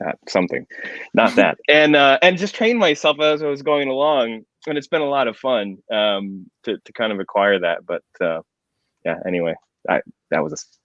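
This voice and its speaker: Halting man on muffled dry call audio. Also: medium pitch, a bit bright, dry recording. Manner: rambling, halting. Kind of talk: casual panel chat.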